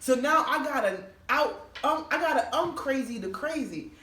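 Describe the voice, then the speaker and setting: A woman comedian telling a funny story in a lively, laughing way, acting out the people she quotes. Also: normal speed. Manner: laughs often, acts out quotes with big pitch jumps. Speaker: comedian guest. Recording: echoey room, mic at a distance, faint noise.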